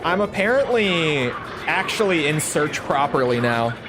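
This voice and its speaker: Gaming streamer, man, slightly high voice, unhurried rambling chatter, cusses, game music behind. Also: sing-song. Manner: rambling, swears freely, talks to chat. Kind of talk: casual chat while livestreaming a flight game. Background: game music and jet engine sounds.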